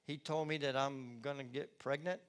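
A male preacher voicing a nervous young woman who haltingly confesses to her parents, speaking quietly. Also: mid-range voice, steady tone, clear, resonant tone, natural voice. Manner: hesitant, halting.

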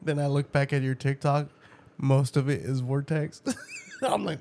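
A man telling a story about his kid in casual chat, animated and swearing, laughing often and breaking into high laughs. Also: measured pace, gravelly. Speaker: father, podcast co-host.

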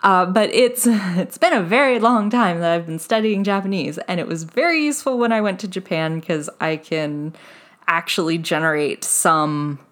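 Woman, podcast host, lowish voice, casual solo chat, self-deprecating, laughs often. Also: normal speed, a bit bright.

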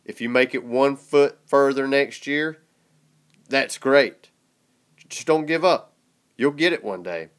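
A man's voice: mid-range voice, slow pace, long pauses, clear, resonant tone. A man with a Southern US drawl hosting a podcast in casual chat, laid-back and a bit congested from a sinus infection. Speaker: podcast host.

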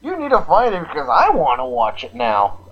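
A podcast co-host in casual chat, enthusiastic and quick to laugh. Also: mid-range voice, wildly swooping pitch, a crowd in the background. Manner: giggly, enthusiastic. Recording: dull lo-fi recording.

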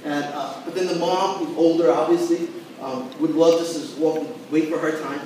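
A man preaching a sermon as pastor, talking in a conversational, animated way and checking in with the congregation as he goes. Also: a little high, moderate pace, a little hiss or hum. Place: church sanctuary. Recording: echoey church hall, mic at a distance.

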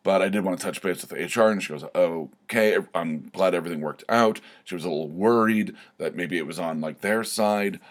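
Deep voiced guy doing a chill solo podcast update, lots of ums and restarts. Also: brisk, hardly any pauses. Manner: rambling, many fillers and restarts. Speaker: podcast host.

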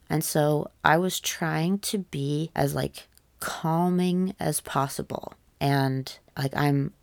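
A young woman earnestly telling a personal story to the camera, halting and full of "like", with casual swearing. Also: low-pitched, creaky, a little mellow, no echo.

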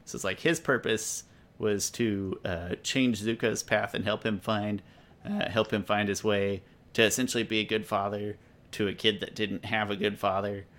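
A man with a fairly low voice chimes in during a casual chat about a show. He mixes playful asides with slower, thoughtful points, dotted with "um" and "uh.". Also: fairly even intonation, a bit bright. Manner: playful, then thoughtful, with fillers.

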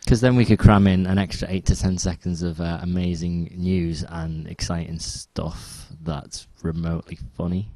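A man's voice: sits low, steady tone, moderate pace, hardly any pauses, dark tone, no echo. A man co-hosting a casual podcast, with a dry, teasing manner. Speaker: podcast co-host. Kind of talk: casual chat.

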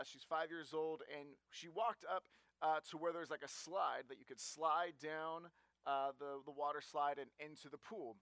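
A man's voice: a little high, fairly bright tone, dry recording. A man in his thirties preaching a sermon, conversational and self-deprecating, with fillers and restarts. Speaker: pastor.

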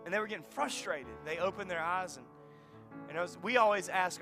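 A man in his thirties preaching a sermon in a church, telling family stories and dropping to a soft hush for emphasis. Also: high-pitched, fairly quick, music in the background. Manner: storytelling, drops to soft near-whisper for emphasis. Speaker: pastor. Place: church sanctuary.

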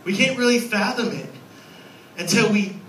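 A man in his thirties preaching a sermon as a guest pastor, lively and storytelling, acting out little scenes. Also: high-pitched, moderate pace, reverberant, recorded from a distance, a little hiss or hum, rough recording. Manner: animated, acts out scenes with a raised voice. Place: church sanctuary.

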